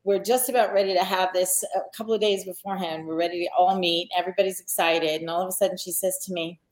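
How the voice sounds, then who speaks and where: A woman's voice: on the low side, fairly even intonation, fast. Chatty middle-aged woman telling stories. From Long Island, New York. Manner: chatty storyteller with frequent fillers and restarts. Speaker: podcast guest. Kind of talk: casual conversation.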